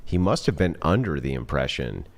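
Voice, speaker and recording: A man on a debate panel, reasoning aloud in a measured way. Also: very deep voice, very animated, creaky. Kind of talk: heated debate.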